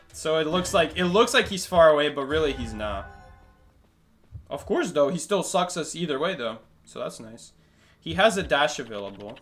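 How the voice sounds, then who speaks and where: A man commentating his own gameplay live, joking and talking to his chat. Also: a little high. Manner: animated, joking, talks to chat. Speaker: gaming streamer.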